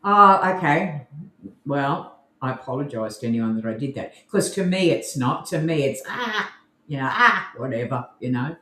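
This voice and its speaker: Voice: medium pitch, animated, normal speed, pushed and bright, echoey room. Chatty Australian podcast co-host. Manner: chatty, laughs often, self-deprecating. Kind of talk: casual chat.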